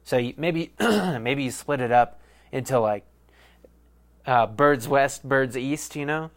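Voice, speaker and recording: A man's voice: medium pitch, slow. A young man hosting a sports podcast, rambling in a casual, profane and self-mocking way. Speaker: podcast host.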